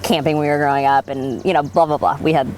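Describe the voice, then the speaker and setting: Low-voiced woman telling stories, laughing often. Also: fast, a little hiss or hum. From Oregon. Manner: animated, laughs often, many fillers. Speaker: winery worker being interviewed. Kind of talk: oral history interview, casual storytelling.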